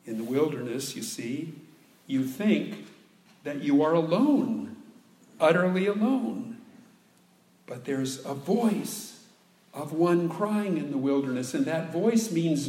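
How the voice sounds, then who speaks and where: A man preaching a sermon as pastor, speaking slowly and deliberately and leaning hard on key words. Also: on the high side, animated, darkish tone. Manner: slow, deliberate preaching with dramatic emphasis. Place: church sanctuary. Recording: echoey church room, faint ambience.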